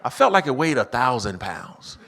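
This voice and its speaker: Animated middle-aged male stand-up comic. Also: moderate pace, vocal fry. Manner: animated storytelling, acting out his own lines in a higher voice. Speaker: stand-up comedian. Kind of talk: stand-up comedy set. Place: church auditorium with live audience.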